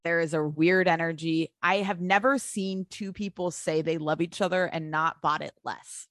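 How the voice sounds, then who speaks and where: Low-voiced woman, blunt, swears casually, close dry sound. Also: steady tone, normal speed, fairly bright tone, dry recording. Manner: blunt, swears freely, mimics people. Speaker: podcast co-host. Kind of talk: casual reality-TV chat.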